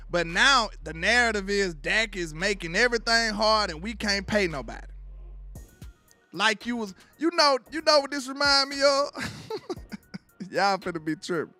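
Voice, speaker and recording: Man, sports commentary host, higher voice, bright tone, animated slangy rant. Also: moderate pace, soft background music. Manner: animated ranting with slang and laughter.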